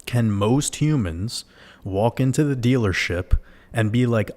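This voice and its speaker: A man's voice: medium pitch, animated, unhurried, darkish tone. A man hosting a livestream, talking casually and animatedly to his viewers, swearing and firing off rhetorical questions. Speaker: livestream host.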